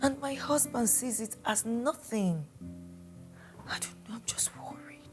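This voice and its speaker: An actress playing a worried wife who speaks in hushed tones, with a Nigerian accent. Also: female voice, fairly high pitch, unhurried, whispered, over music, lightly acted. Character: worried young wife afraid of her husband.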